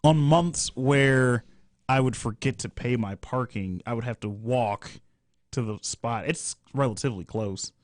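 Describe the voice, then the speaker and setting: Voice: medium pitch, measured pace, dry recording, clean studio sound. A radio co-host in casual chat, answering with short, laid-back remarks and agreement.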